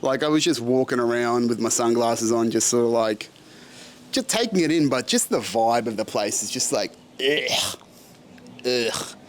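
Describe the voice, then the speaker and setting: A young Australian man talks straight to the camera in a loose, sweary rant that swings between boastful and disgusted. His delivery is animated and unfiltered, and his accent is plainly Australian. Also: mid-range voice, normal speed, a little hiss or hum. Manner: animated, profane, ranting. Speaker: podcast host. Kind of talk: casual solo vlog rant.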